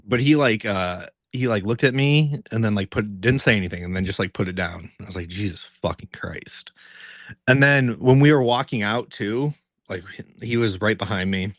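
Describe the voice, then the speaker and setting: A man's voice: lowish voice, brisk, dry recording. Man telling a story in a dry room. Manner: animated, profanity-heavy storytelling with many fillers; laughs while telling the story. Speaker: podcast co-host. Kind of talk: casual chat.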